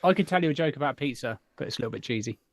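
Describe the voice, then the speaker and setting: A man's voice: medium pitch, expressive, rapid-fire, dry recording. A man with a Northern English accent in a casual group chat, sheepishly reading out corny jokes. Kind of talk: casual banter.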